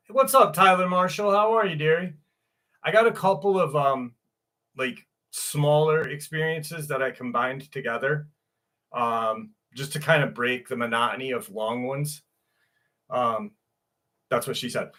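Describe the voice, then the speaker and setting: A man chats loosely on a livestream, tossing off crude jokes and greeting viewers by name. His voice sits a little high and sounds bright and forward. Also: measured pace. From New York. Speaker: livestream host. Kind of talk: casual livestream chat.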